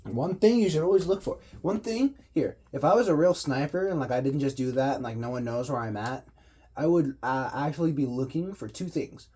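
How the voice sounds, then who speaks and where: A man's voice: medium pitch, lively intonation, a little fast, mellow, breathy edge. A man giving loose, slangy commentary and explaining what he does while he plays a video game. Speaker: gaming commentator. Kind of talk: casual gameplay commentary.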